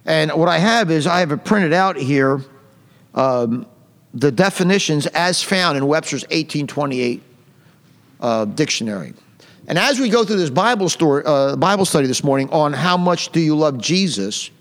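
A man with a high voice leads a Bible study, and his voice carries a long reverb, as in a large hall. He reads scripture slowly and stops to explain hard words. Then he drives his points home with emphatic, repeated phrases. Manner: slow, deliberate reading of scripture, pausing to define words; repetitive and emphatic, with rising intensity.

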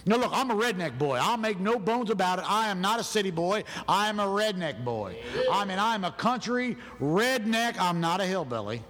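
A man preaching a sermon in a church, animated and loud, acting out people's excuses in his own voice. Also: high voice, moderate pace, hardly any pauses, crowd noise. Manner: animated, shouting, acts out other people's excuses. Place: church sanctuary. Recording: long hall reverb in a church.

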